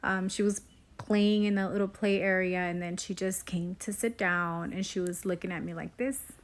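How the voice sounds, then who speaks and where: A woman's voice: lowish voice, steady tone, normal speed, a little hiss or hum. A mother telling a story to camera about her young daughter in an earnest, hesitant way, with frequent ums.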